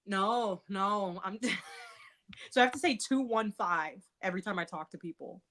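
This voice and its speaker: A woman living in Texas, chatting casually with a friend during a reading sprint, relaxed and quick to laugh. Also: mid-range voice. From United States. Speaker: booktuber co-host. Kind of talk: casual chat on a reading stream.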